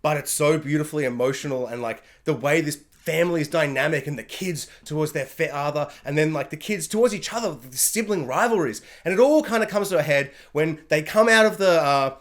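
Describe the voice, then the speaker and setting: A man ranting excitedly in a casual TV review, gushing and slipping into quick impressions of characters. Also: on the high side. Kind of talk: animated TV review rant.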